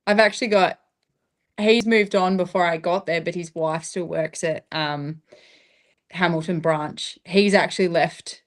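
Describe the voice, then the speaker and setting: A woman's voice: on the low side, fairly even intonation, a little slow. An Australian woman in her thirties, a paramedic, talking reflectively in a casual interview and laughing often. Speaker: guest, paramedic.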